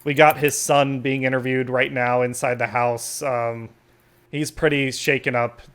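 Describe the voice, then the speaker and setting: A man's voice: medium pitch, level tone, a little slow, fairly bright tone. A man narrating a tabletop game as substitute game master, in a loose, rambling way full of fillers. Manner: casual, rambling, lots of fillers.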